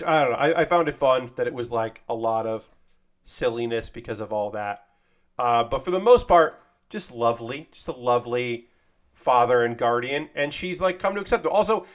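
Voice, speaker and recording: A man streaming while he builds a model kit, casually chatting and retelling an anime episode in a rambling, animated way. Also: mid-range voice.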